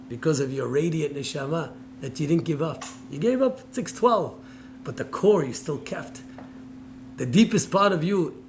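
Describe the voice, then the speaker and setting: A man, a rabbi, preaching a sermon as an animated story, acting out the dialogue, swinging between loud and soft, with Hebrew words mixed in. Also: a little high, a little hiss or hum.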